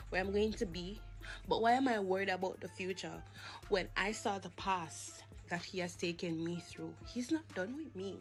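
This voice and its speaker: A woman with a Jamaican accent giving a personal faith testimony, earnest and halting, with pauses and repeats. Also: mid-range voice.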